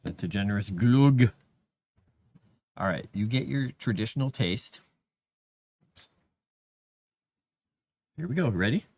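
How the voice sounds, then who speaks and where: A man's voice: fairly low pitch, animated, slow pace, gravelly, pauses often, a little mellow. A man rambling casually on a livestream, chatting to his cat between thoughts.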